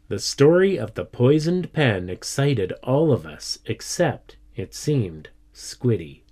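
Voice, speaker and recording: A man reads a children's story aloud at an unhurried pace. His voice sits at a middle pitch, and he takes each line in a steady, measured way.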